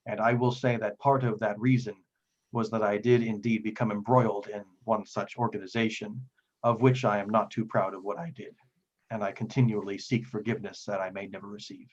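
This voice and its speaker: Guy doing a humble formal priest, kinda husky, dull lo-fi sound. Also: lowish voice, flat delivery, brisk, natural voice. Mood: grave. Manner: reverent, formal and secretive. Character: devout, humble middle-aged human priest man.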